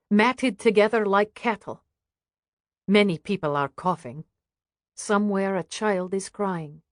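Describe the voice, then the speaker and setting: Female audiobook narrator, grave and hushed, unhurried, dry close-miked studio sound. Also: medium pitch, dry recording. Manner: hushed, grave first-person reading.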